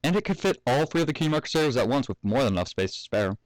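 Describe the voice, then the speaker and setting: A man's voice: mid-range voice, very animated, racing, dry recording, low-quality recording. A young man reading a fan story aloud at home, often breaking off to joke, swear and laugh. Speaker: fanfic reader. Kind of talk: casual story reading with asides.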